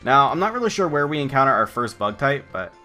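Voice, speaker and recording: A man's voice: mid-range voice, sing-song, quick pace, sharp tone, soft background music. Sarcastic young man commentating a game. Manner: sarcastic, jokey, talks back to game characters. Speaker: let's play commentator. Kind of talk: casual gaming commentary.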